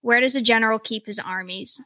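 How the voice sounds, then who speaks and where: A woman's voice: a little high, brisk, sharp tone, no echo. A woman co-hosting a podcast, telling rambling, self-mocking stories in casual chat. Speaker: podcast co-host.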